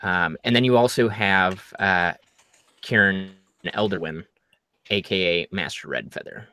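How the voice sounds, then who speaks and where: A man narrating as game master for a tabletop game, laying out options in a slow, halting way with many fillers. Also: low-pitched, bright, forceful tone.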